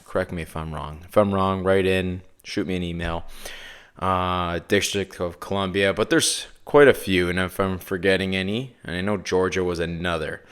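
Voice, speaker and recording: Canadian guy hosting his podcast, low smooth voice, toronto accent, lots of ums and side tangents. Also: fairly bright tone. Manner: rambling, filler-heavy, drifts into tangents. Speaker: podcast host. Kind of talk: casual podcast chat.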